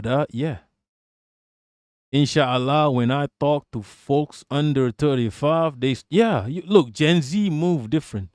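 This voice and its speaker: A man's voice: fairly high pitch, a little mellow, dry recording, studio quality. A man in his thirties doing casual live-stream commentary and reading chat aloud, blunt and profane, often breaking into laughter.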